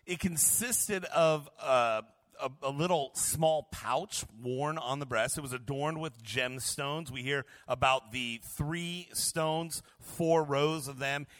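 Bright-voiced male pastor teaching. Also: on the high side, slow pace, no echo. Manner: earnest, applying the text to listeners' lives. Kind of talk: conversational Bible teaching.

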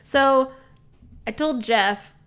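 A woman's voice: high-pitched, drawn-out words, a bit bright, clean tone. Giggly chatty woman podcast host. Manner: chatty, giggly, self-mocking. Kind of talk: casual chat.

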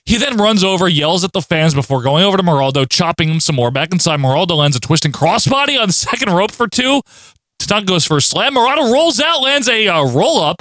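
A man co-hosting a casual podcast, recapping matches in wry deadpan play-by-play. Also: high-pitched, fast, dry recording. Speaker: podcast co-host recapping wrestling. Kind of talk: casual chat.

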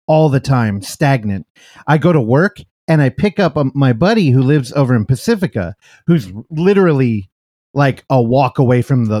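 An easygoing male co-host chats casually, in a mid-pitched voice. His voice is recorded dry and close, with no room sound. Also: mellow, dry recording. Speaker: podcast co-host. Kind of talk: casual chat.

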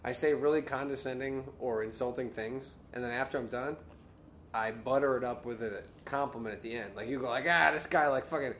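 A man's voice: mid-range voice, fairly even intonation, a little fast, a little hiss or hum. A man co-hosting a casual podcast in a garage, bantering with frequent laughs and self-deprecating jokes. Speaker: podcast co-host. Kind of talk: casual chat. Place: home garage.

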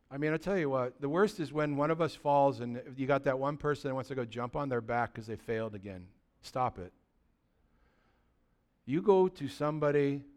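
A male pastor preaching a lively, conversational sermon, often asking the congregation questions. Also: mid-range voice.

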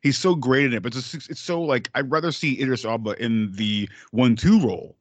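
A man's voice: mid-range voice, normal speed, no room sound. A man co-hosting a film podcast, chatting casually and swearing a lot, raising his voice for quoted lines. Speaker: podcast co-host.

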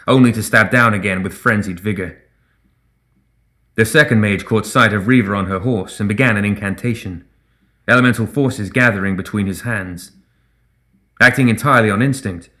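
A man reading a fantasy story aloud as narrator in a measured, even way. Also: lowish voice. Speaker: audiobook narrator. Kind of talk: scripted narration.

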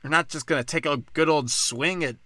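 A man delivering a profane, sarcastic political rant, swinging between loud outbursts and low muttering. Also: a little fast, dry recording. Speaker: political commentator.

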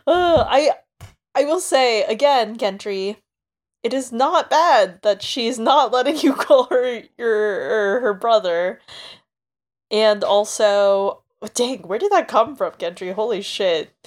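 A woman co-hosting a book podcast in casual chat, talking freely and acting out quotes in quick asides. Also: on the high side, animated. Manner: chatty, acts out quotes in asides. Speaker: podcast co-host.

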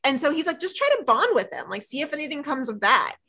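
A woman co-hosting a casual podcast, retelling a TV episode in animated chat and acting out the dialogue. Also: high-pitched, fast talker. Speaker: podcast co-host.

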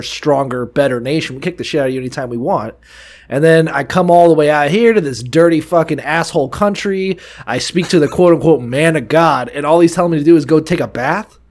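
A man's voice: fairly high pitch, lightly acted. A man voicing a proud, indignant foreign commander who rants and swears. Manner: profane, ranting.

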